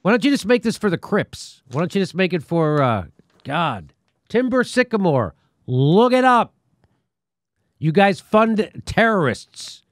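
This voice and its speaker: A man's voice: sits high, big pitch swings, a little slow, dry recording, clean studio sound. A man hosting a political commentary show, talking in a sarcastic, mocking way. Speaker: show host.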